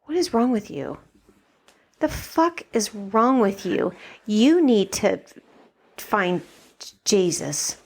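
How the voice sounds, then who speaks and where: A woman's voice: medium pitch, lively intonation, slow, long pauses. Blunt, incredulous woman who swears freely. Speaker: podcast co-host. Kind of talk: casual chat.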